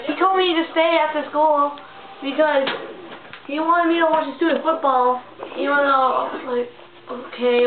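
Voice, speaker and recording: A woman's voice: high-pitched, noisy background. A teenage girl ranting in a casual vlog, rambling, angry and repeating herself, recorded on a built-in computer mic at home. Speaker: vlogger. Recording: tinny lo-fi webcam audio in echoey room.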